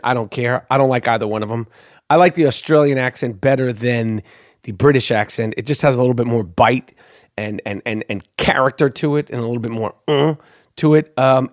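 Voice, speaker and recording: Male host, slightly high-pitched, crude and sarcastic, ranting through weird news. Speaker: show host. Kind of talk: profane comedic news rant.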